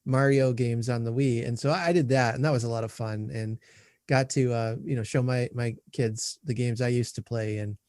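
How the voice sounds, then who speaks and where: A man's voice: mid-range voice, fairly even intonation, normal speed, a little mellow, no echo, studio quality. Laid-back male podcast host. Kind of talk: casual interview chat.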